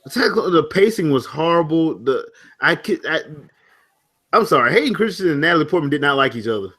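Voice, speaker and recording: Male podcast co-host, slightly higher voice, loose laughing chat. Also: animated, fast, pushed and bright, slightly rough. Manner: laughs often, rambling restarts. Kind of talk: casual chat.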